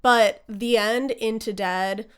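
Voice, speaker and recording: A woman's voice: fairly high pitch, steady tone, slow pace, clear, resonant tone. A young woman talking casually and enthusiastically to her viewers, chatty and swearing now and then. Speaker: music video creator ranking album songs. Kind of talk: casual talk to camera.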